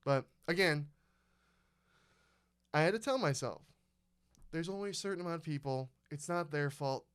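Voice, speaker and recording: A young man hosting a podcast, telling a story in casual chat, animated and profane, acting out the people he quotes. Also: on the high side, normal speed, clear, resonant tone. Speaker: podcast host.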